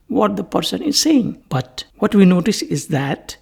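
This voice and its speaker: A man giving a recorded linguistics lecture, explaining slowly and restating each point several ways. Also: sits high, sing-song, gravelly, darkish tone, slightly rough.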